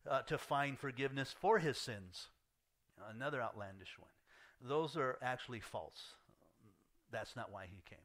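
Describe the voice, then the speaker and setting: Guy preaching in church, bright forceful voice, acts out the quotes, goes real quiet at the ends. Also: mid-range voice. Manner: fillers and restarts, conversational preaching. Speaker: pastor. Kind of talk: verse-by-verse sermon. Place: church sanctuary.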